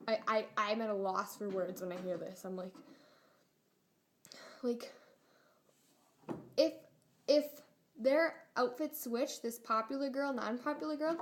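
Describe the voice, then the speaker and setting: A woman's voice: a little high, normal speed, pauses often. A teenage girl vlogging a rambling, exasperated rant, full of fillers. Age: teens. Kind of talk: casual rant to camera.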